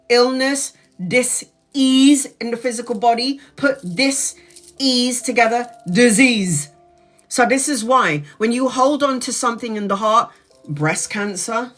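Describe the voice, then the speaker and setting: A woman's voice: fairly high pitch, fairly bright tone. A woman giving a live-streamed tarot reading, chatty and blunt, swearing casually as she talks. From Brazil. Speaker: tarot reader.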